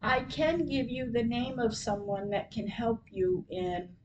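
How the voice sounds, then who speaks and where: A woman podcaster reading her diary entries aloud, retelling each call in a plain, measured way. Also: fairly high pitch, animated, muffled recording.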